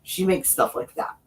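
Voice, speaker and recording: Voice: mid-range voice, low-quality recording. A speaker in a casual group chat, talking in a chatty way and explaining things for the others with lots of "like".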